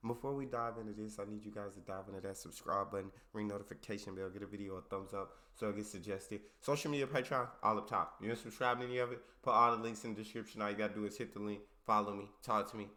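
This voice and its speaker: A man's voice: on the low side, fairly even intonation, fast talker, few pauses, pushed and bright. Slangy Texan man hosting reactions. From Texas. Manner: upbeat, slangy. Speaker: reaction video host. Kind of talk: casual chat.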